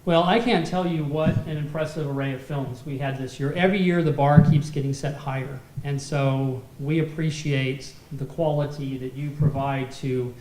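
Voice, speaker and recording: A man's voice: mid-range voice, fairly even intonation, normal speed, hardly any pauses, darkish tone, reverberant, a little hiss or hum. A man emceeing a film festival awards dinner, presenting the prizes with light jokes and easy laughs. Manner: light joking, laughs between lines. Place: dinner event hall.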